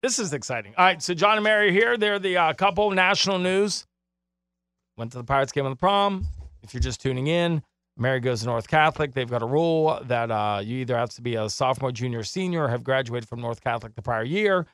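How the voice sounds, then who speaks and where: A man co-hosting a radio talk show, interviewing guests with loud enthusiasm. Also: medium pitch, animated, fast, no room sound. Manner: enthusiastic, exclamatory. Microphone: studio microphone.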